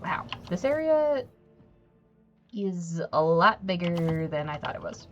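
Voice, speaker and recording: A woman's voice: on the low side, sing-song, slow pace, highs cut off, soft background music. A woman streaming a video game, making wry, casual asides to herself as she plays. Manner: wry, muttering to herself while playing. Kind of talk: casual live-stream commentary.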